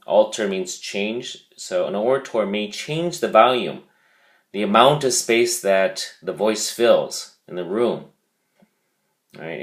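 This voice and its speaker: Slow, low-voiced male teacher. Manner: slow, deliberate, repeats key words. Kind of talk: vocabulary lesson video.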